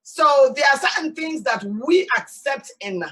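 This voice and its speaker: A Sierra Leonean woman hosts her show in a lively, emphatic way, piling up repeated no's. Her voice is high and bright, a little forceful. She sounds set back from the mic. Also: unhurried, far from the mic, low-quality recording. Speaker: host. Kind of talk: casual talk show monologue. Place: outdoors in hot sun.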